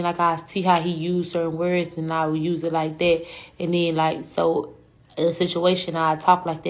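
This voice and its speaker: Young woman rambling on a live stream, kinda low voice, lots of slang and cussing. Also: slight background noise. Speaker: rapper. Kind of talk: casual storytelling on a livestream.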